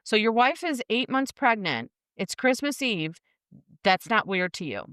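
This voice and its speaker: A woman's voice: a little high, sing-song, measured pace, a bit bright, smooth, dry recording, studio quality. A woman in her thirties co-hosting a casual true-crime podcast, telling the story bluntly with lots of swearing. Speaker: podcast co-host.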